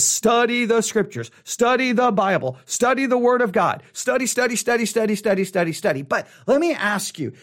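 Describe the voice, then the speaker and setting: A man's voice: extremely high pitch, fairly bright tone. A man hosting a podcast, teaching on Bible study in an emphatic way and repeating words for stress. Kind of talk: spoken teaching.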